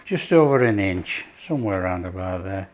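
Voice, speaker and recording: A man's voice: low voice, moderate pace, slight background noise. A man hosting his own cooking show, chatting casually as he prepares a dish. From not France. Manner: chatty, relaxed, talks while working.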